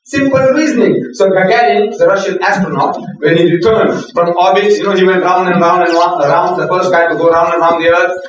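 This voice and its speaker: An older man from South Africa giving an animated, rhetorical public lecture on religion, raising his voice at the high points. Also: fairly quick, few pauses. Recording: echoey hall, voice from far off.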